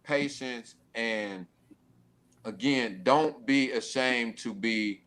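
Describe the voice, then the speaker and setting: A young adult man speaking in a relaxed way during a casual panel talk, often adding "you know what I mean". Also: mid-range voice, extremely slow. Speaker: panel guest.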